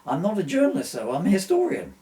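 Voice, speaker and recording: A man's voice: sits high, wildly swooping pitch, fast, mellow, pitched above the performer's own voice. A man voicing Eric, an eager time-travelling historian, in a comic story. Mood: earnest.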